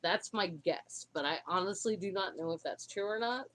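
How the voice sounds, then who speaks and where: Low-pitched woman, halting livestream chat. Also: fairly bright tone, a little hiss or hum. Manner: halting, emotional, many restarts. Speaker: livestream co-host.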